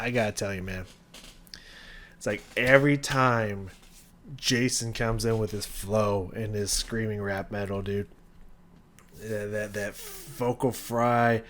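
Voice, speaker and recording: An excited young man talks through a song's vocals, humming out rhythms as he goes. His voice sits a little low, and he keeps it casual with plenty of fillers. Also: slight background noise. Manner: enthusiastic, scats rhythms, many fillers. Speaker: music reaction host. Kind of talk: casual music analysis.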